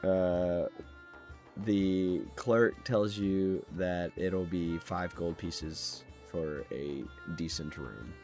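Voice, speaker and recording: A man's voice: sits low, extremely slow, warm tone, faint music behind. A man narrating as game master in a laid-back way, chuckling and using many fillers.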